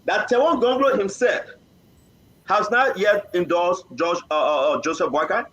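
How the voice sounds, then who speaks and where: A man runs a live political talk show over an online call. His voice is bright and sits fairly high, and he moderates insistently, cutting in on guests to press his questions. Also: normal speed, muffled recording.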